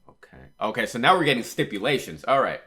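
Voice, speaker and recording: A man's voice: mid-range voice, big pitch swings, fast talker, sharp tone. A man hosting a manga reaction video. He chats casually, retells scenes with lots of "he was all like", and often stops to correct himself. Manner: frequent fillers and self-corrections. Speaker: manga reaction channel host. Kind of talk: casual reaction and read-aloud commentary.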